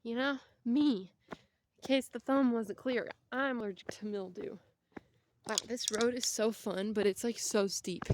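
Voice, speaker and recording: A woman's voice: mid-range voice, background noise. A young woman vlogging casually while out walking, chatty and rambling, and out of breath. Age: young adult. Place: outdoors on a walk.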